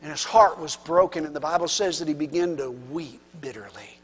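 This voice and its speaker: A man preaching a sermon with passion, his delivery swinging from hushed near-whispers to loud, rising cries. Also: a little high, brisk, husky. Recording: long reverb of a large hall.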